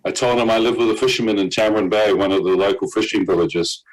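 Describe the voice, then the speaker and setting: A man's voice: on the low side, fast talker, low-quality recording. Man telling a dramatic personal story. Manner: animated storyteller, quotes others in character, laughs at himself. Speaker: guest telling his testimony.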